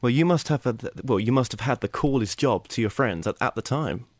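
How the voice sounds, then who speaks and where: A man's voice: mid-range voice, animated, brisk, no echo. A man hosting an interview show, introducing his guest and asking questions in a friendly conversational way. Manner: friendly conversational, some fillers and restarts. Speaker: radio show host.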